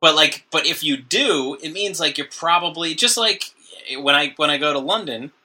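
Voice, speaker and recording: Male podcast co-host, very bright tone, joking casual banter, from New Jersey. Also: fairly high pitch. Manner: joking, laughs often, does quick funny voices. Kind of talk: casual chat.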